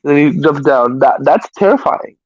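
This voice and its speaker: A man's voice: on the high side, measured pace, darkish tone, dull audio. A man hosting a live stream, chatting casually about movies in a rambling way, often stammering and restarting.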